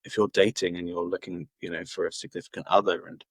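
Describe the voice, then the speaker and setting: A man's voice: low-pitched, flat delivery, fast talker, breathy edge, no echo. A man from Cornwall, chatting loosely as a podcast guest, full of fillers and restarts. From Cornwall, England. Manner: rambling, many fillers and restarts. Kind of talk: casual interview chat.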